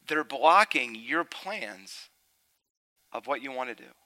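Bright-voiced man preaching a lively sermon. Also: medium pitch, takes it slowly, rough recording. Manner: animated storytelling, rising to loud emphatic preaching.

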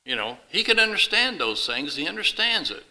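Casting: male preacher, folksy and rambling, sharp bright tone, addressing a live congregation. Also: fairly high pitch, sing-song, normal speed, rough recording. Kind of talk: sermon with illustrative story.

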